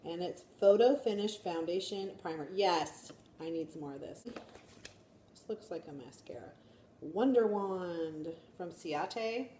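A woman's voice: lowish voice, animated, slow pace, mellow, a little hiss or hum. Chatty woman teacher vlogging. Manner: chatty, giggly storytelling. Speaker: first grade teacher. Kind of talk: casual vlog chat. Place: classroom.

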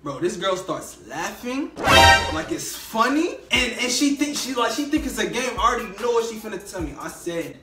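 A young adult man telling a story in a casual, slangy, animated way, with lots of acted-out dialogue. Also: high voice, moderate pace. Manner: animated, slangy, emphatic retelling with quoted dialogue. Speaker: vlogger. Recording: echoey room, mic at a distance, faint music.

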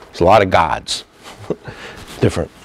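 A man's voice: sits low, very animated, moderate pace, vocal fry, fairly bright tone, breathy edge. A middle-aged man, a therapist, giving an informal talk on communication and acting out bits of dialogue with laughs. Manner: conversational, acts out dialogue with laughs.

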